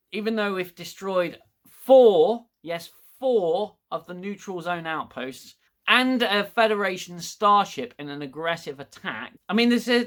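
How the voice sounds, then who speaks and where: Brief: male reviewer, blunt and exasperated, bright forceful voice, slightly high. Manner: rambling, frustrated, frequent restarts and swearing. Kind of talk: casual review monologue.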